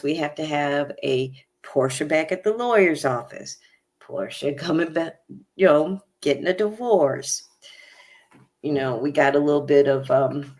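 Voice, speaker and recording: Slow, low-voiced woman recapping TV. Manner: chatty, opinionated, many fillers. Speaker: recap show host. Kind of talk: casual reality TV recap.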